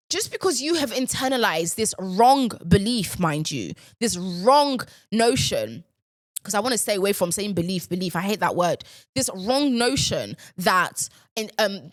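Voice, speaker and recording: A woman's voice: mid-range voice, no room sound, clean studio sound. A young woman, hosting a podcast and ranting in an exasperated, repetitive way. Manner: exasperated, ranting, repeats herself. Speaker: podcast host. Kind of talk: casual ranting monologue.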